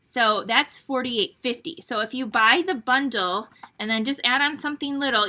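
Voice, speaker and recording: A woman's voice: on the high side, sharp tone. A middle-aged woman hosting an online card-making class, chatty and rambling with frequent ums. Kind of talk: casual crafting tutorial.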